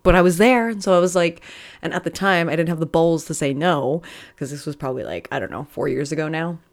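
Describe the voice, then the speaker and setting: Low-voiced woman telling candid stories. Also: quick pace. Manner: candid, profane, laughs often while telling stories. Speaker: podcast host. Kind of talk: casual storytelling monologue.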